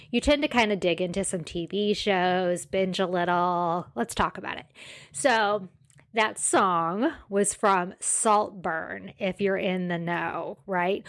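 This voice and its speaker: A woman's voice: mid-range voice, fairly bright tone. Woman, 40s, podcast host, casual solo chat, rambling, self-mocking. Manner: chatty, self-deprecating, rambling asides.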